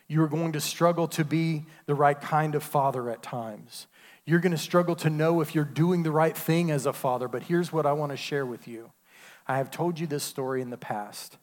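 A man, preaching a sermon with call-and-response asides. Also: a little high. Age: 50s. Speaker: pastor. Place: church sanctuary. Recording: long hall reverb.

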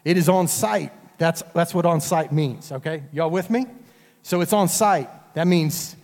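A man's voice: fairly high pitch, a little slow, darkish tone. Man preaching in a big reverberant hall. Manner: conversational preaching, addresses the congregation directly. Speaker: pastor. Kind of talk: sermon.

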